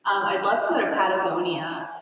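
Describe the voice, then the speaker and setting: A woman's voice: medium pitch, fairly quick, muffled recording, noisy background. Chatty woman, echoey far-off hall. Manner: rambling, full of "like", laughing often. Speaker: author being interviewed. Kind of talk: casual chat at a live book event. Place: large hall at a live event.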